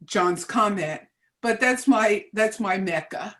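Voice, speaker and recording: A woman's voice: mid-range voice, expressive, takes it slowly, a bit bright. A woman in her seventies from New Jersey, reminiscing as an interview guest, hesitant, with many ums and restarts. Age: 70s. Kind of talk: casual reminiscing chat.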